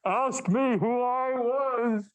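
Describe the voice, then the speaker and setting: A man voicing the ghost of a dead old businessman, drawn out and raised in pitch. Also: no echo, heavily acted. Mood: ghostly. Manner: slow, drawn-out spooky delivery.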